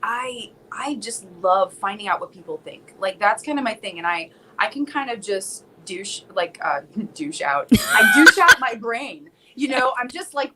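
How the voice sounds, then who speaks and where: A woman's voice: fairly high pitch, measured pace, hardly any pauses, slight background noise. A young woman from South Florida, a guest singer-songwriter, chatting casually with lots of likes and restarts. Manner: animated storyteller, many likes and restarts. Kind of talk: casual chat.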